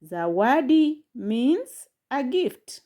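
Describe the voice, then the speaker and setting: Slow-talking woman teacher drilling syllables, says each word again and again, voice swings up and down a lot. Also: sits high, sing-song, dark tone. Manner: repeats each word slowly, several times over. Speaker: language teacher. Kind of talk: slow, drilled pronunciation lesson.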